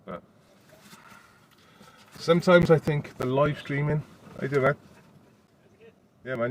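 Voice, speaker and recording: A man's voice: a little high, unhurried, pauses often, a little hiss or hum. A Welsh man on a casual live stream from his phone, rambling about the news and breaking off to talk to his dog. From Wales. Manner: rambling, talks to his dog between points.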